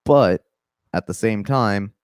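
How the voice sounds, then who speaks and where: Low-voiced, rambling Southern man. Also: takes it slowly, clear, resonant tone, dry recording, clean studio sound. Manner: loose, profane, rambling with restarts. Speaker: MMA podcast host. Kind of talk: casual commentary.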